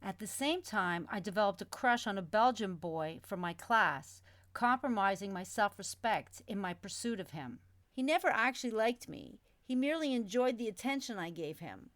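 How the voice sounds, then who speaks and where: A woman reads her own memoir aloud in a reflective, storytelling way, with a steady, middling pitch. The recording is dry and close, with no room around her voice. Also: moderate pace, no room sound. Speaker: memoir narrator. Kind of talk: audiobook memoir narration.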